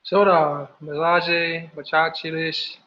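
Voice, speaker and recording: A man's voice: fairly high pitch, flat delivery, takes it slowly. A young man from Montana introducing himself as an artist on an online panel, easygoing. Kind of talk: casual self-introduction. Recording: dull lo-fi call audio with faint hiss.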